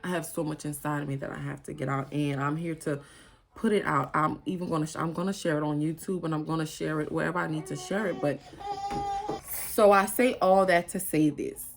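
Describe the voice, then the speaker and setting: A woman's voice: sits low, steady tone, a little fast, gravelly. A woman, talking to her viewers in an earnest, emotional and rambling casual monologue. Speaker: spiritual vlogger.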